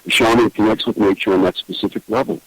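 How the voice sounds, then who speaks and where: A man's voice: fairly low pitch, fast, no room sound, low-quality recording. A man co-hosting a radio talk show, explaining things and teasing his friend in casual chat. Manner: teasing, lively.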